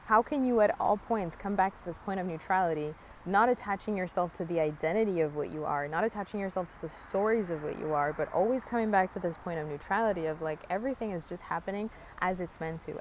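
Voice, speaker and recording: A woman's voice: fairly low pitch, quick pace, a little hiss or hum. A young woman musing earnestly outdoors in a park, talking casually about spiritual growth with many fillers. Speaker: spiritual vlogger. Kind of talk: casual reflective monologue.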